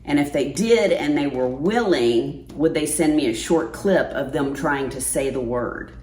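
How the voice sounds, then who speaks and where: Woman, host, casual chat, self-amused, very low pitch, roomy echo. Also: measured pace, darkish tone. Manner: amused, laughing at herself.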